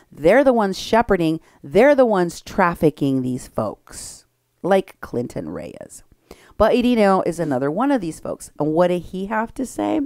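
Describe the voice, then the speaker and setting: A woman hosting an opinionated political commentary show, talking briskly and sarcastically and laughing at her targets. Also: mid-range voice, darkish tone, clear, resonant tone, no room sound, studio quality.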